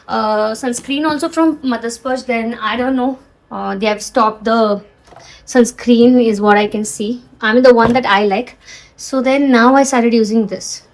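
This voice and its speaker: Young indian mom vlogging on her phone, high voice, chatty, keeps coaxing her little one. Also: low-quality recording. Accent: Indian English. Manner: chatty, coaxing her toddler, asides to viewers. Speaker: vlogger and mother. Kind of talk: casual home vlog.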